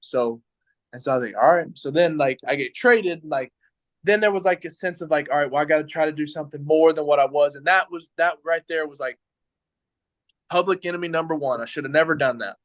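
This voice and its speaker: A young adult man, a pro baseball pitcher, tells his story in a casual interview, rambling and quoting his own thoughts with lots of "like". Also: a little fast, fairly bright tone, no echo, rough recording. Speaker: professional baseball pitcher, guest.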